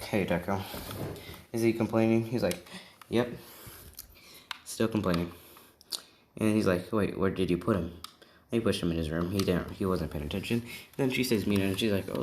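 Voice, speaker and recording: A man's voice: deep voice, moderate pace, a little mellow, echoey room. A young man casually making up and retelling a fan story, rambling with many restarts and asides. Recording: faint background noise.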